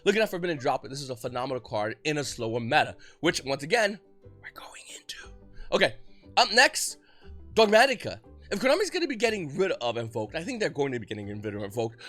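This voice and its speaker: A man giving excited, rapid market commentary as host of his channel, often restarting his sentences. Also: a little high. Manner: talks fast when excited, frequent restarts. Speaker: trading card market commentator.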